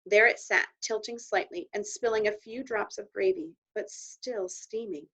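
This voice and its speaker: A woman reading a children's novel aloud in an expressive storytelling voice. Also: mid-range voice, unhurried, breathy edge. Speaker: audiobook reader. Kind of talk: children's book read aloud. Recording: dull lo-fi recording.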